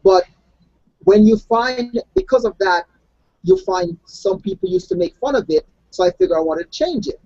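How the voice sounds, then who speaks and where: A man from abroad speaks as a health coach, telling stories in bursts with many restarts. His voice is gravelly and husky, with a dark tone. The call audio is dull and lo-fi. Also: very high-pitched, normal speed, no room sound. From outside the United States. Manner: animated storytelling with restarts. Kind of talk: casual hangout discussion.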